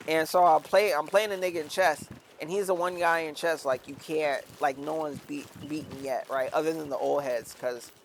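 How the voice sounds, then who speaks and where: This game streamer has a fairly high, creaky voice, with slight background noise behind him. He tells a loose, rambling story as he plays, peppering it with "like" and ending lines with "right?".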